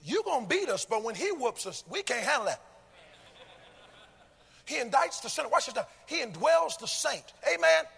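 High, raspy preacher in full cadence. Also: male voice, very animated, normal speed, pauses often, in a large hall. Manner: rhythmic, swelling into shouted chanting. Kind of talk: sermon with sung, chanted cadence.

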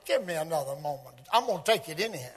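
High-voiced preacher in a reverberant hall. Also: male voice, very animated, quick pace. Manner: dramatic rising and falling emphasis, shouting key phrases. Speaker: visiting preacher. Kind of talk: sermon. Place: church sanctuary. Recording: long reverb in a large hall.

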